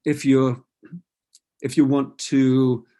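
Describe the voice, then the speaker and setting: Mellow-voiced man coaching on speaking. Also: mid-range voice, flat delivery, slow. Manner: explanatory, with demonstrated example phrases and frequent restarts. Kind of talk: webinar talk.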